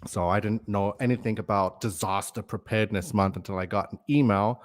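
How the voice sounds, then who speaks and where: A man with a fairly low voice talks loosely on a livestream. He rambles in a conspiratorial tone and breaks off to read viewer comments aloud. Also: fairly even intonation, brisk. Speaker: livestream host. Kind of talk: casual livestream talk.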